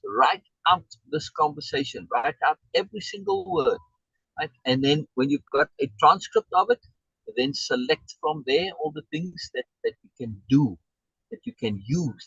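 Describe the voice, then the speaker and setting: A man's voice: fairly high pitch, vocal fry, a bit bright, breathy edge, dry recording, highs cut off. A man coaching someone over a video call, emphatic and repeating key words for stress. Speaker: life coach.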